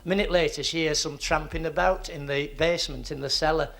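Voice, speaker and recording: Bright-voiced male comic. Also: on the high side, fairly even intonation, quick pace, gravelly. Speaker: stand-up comedian. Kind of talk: stage joke telling.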